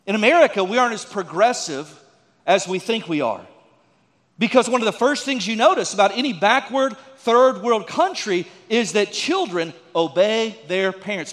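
A man's voice: sits high, fairly bright tone, long reverb tail. A man preaching a folksy sermon as a pastor, with joking asides and calls to the congregation.

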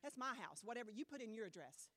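A woman preaching a sermon, blunt and animated, mocking excuses in quick mimicry. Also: on the high side, no room sound.

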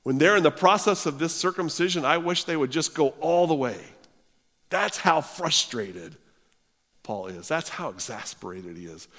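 A pastor preaching a sermon, swinging from hushed low phrases to loud, pressing lines as he quotes scripture. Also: lively intonation, moderate pace, in a large hall.

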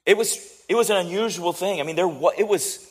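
An American man telling a story in a sermon, chatty and animated, often asking his listeners questions. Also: high voice, a little fast, slightly rough. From United States.

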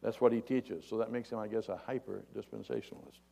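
A man's voice: fast talker, creaky, husky. An older man preaching a sermon in a folksy, rambling way. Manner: folksy, rambling, raises pitch and volume to act out yelled dialogue. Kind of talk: sermon with a told joke.

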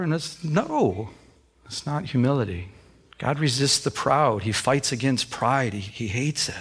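A man's voice: mid-range voice, expressive, normal speed, husky. A man preaching a sermon as pastor, with many restarts, who acts out the voices he quotes.

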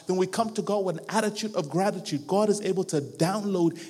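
A man preaching a sermon in a church, his fairly high voice ringing out in a long hall reverb. He builds each point through rhythmic repetition and slips into the voices of the people he quotes. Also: a little fast, mellow, slightly rough. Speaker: guest preacher. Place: church hall with a live band.

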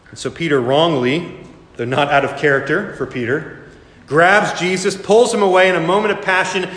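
A man's voice: on the high side, moderate pace, a bit bright. Emphatic male pastor in an echoey hall. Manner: emphatic, repeats key phrases, rhetorical questions. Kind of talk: sermon. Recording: echoey hall with long reverb.

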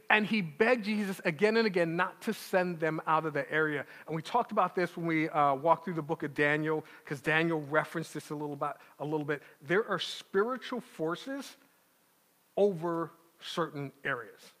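A man preaching a sermon as pastor, emphatic, with rhetorical "right?" asides and slowing down to stress points, in a church. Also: a little high, sharp tone, in a large hall.

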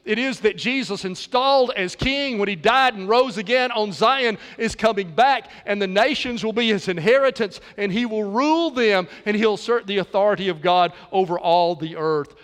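High-voiced man preaching in a reverberant hall. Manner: preaching with dramatic pauses and shifts between loud and soft. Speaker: pastor. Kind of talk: sermon.

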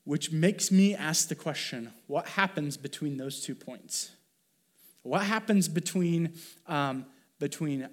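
A man's voice: a little high, slow pace. A man preaching a sermon as pastor, talking in an earnest, conversational way with fillers and restarts.

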